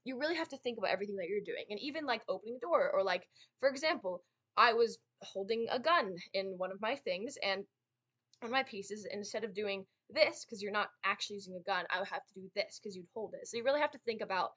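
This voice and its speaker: Young woman, quick chatty delivery, bright tone, casual teaching talk, lots of fillers. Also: mid-range voice, expressive. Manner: chatty, many fillers and "right?" tags. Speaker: speech and debate student teaching. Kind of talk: casual lesson.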